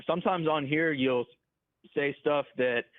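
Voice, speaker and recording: A man bantering playfully with the host, halting and full of fillers. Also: a little high. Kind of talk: casual banter. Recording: tinny phone line.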